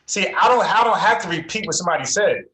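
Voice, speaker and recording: A man's voice: sits high, lively intonation, quick pace, sharp tone, echoey room, low-quality recording. A man hosting an online debate show, firm and insistent, repeating himself to make a point. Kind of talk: heated debate.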